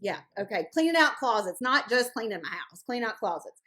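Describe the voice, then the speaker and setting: A higher-pitched woman hosts a support group over a video call. She chats in a playful, rambling way and teases her guest. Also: sing-song, a little fast, fairly bright tone. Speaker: group host. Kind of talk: casual chat.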